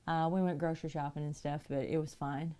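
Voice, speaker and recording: A woman's voice: deep voice, steady tone, a little fast, mellow, slight background noise. A middle-aged woman casually telling stories to her livestream viewers, chatty and laughing often. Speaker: livestream painter.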